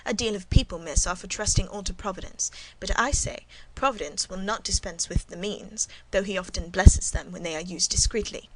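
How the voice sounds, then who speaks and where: A woman reads the part of a middle-aged servant woman who keeps her composure. Her voice is cool, measured and demure, and it sits at an ordinary middle pitch. She sounds like a guarded figure in a storybook reading. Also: background noise, lightly acted. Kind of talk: audiobook reading.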